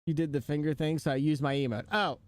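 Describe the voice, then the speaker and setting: A man's voice: a little high, fairly even intonation, fast, a little mellow. A man live streaming, chatting casually and joking with his viewers, laughing often.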